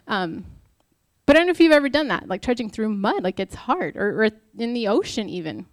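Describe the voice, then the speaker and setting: A woman's voice: a little high, sing-song, a little fast, dry recording. A young adult woman giving an informal devotional talk, chatty and candid, mixing personal stories with rhetorical questions. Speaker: speaker at a church talk.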